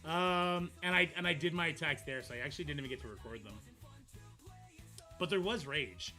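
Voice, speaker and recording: Goofy, bright-voiced streamer dad. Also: male voice, fairly high pitch, brisk, soft background music. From Canada. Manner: goofy and rambling, laughs easily. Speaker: mobile game streamer. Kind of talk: casual livestream chat.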